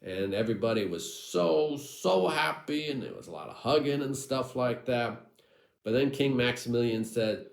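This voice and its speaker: Wry male storyteller, lively voice. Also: medium pitch, normal speed, vocal fry, roomy sound, low-quality recording. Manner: wry, irreverent asides to the audience. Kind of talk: comic folk tale storytelling.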